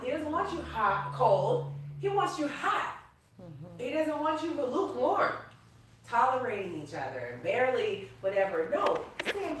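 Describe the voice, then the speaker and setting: Animated woman teaching scripture in an echoey room. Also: fairly high pitch, moderate pace, noisy background. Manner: animated, laughing, playful asides to listeners. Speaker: prophetess teaching a class. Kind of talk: casual Bible teaching. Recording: echoey room recorded from far off.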